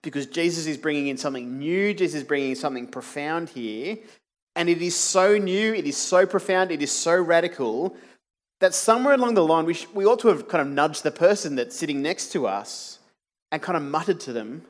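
A man's voice: on the high side, fairly quick. A man preaching a sermon, earnest and emphatic, asking the congregation rhetorical questions.

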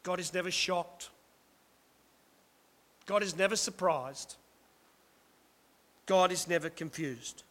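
A man's voice: high-pitched, slow pace, pauses often, a bit bright. A pastor preaching a sermon with emphasis, slipping in rhetorical asides to his listeners. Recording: long reverberant hall.

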